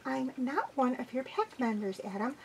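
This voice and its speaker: A woman voicing a sharp-tongued young woman mechanic in an amateur audiobook reading, speaking dryly. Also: high-pitched, sing-song, normal speed, distant mic, slight background noise, pitched above the performer's own voice, rough recording. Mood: defiant.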